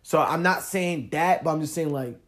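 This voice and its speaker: Young guy w/ aave talking straight at you on his podcast, kinda high voice, gets loud n heated. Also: normal speed. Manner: animated, talks straight to the listener, rising loud when worked up. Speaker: podcast host. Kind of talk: casual monologue.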